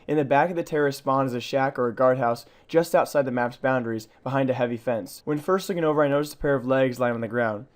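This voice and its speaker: Fast-talking man narrating a game video. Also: mid-range voice. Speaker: gaming channel host.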